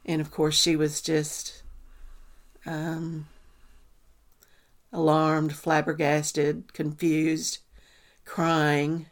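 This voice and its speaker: A woman, a mother telling a personal story in a halting way, with many ums and restarts. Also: low voice, completely flat delivery. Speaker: mother recounting a family loss. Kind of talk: personal testimony.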